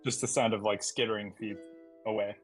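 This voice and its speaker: A man plays in a tabletop game and describes his actions. He talks hesitantly in a low voice, full of fillers. Faint guitar music plays underneath. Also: little pitch movement, brisk, low-quality recording. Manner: hesitant, full of likes and ums. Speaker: player.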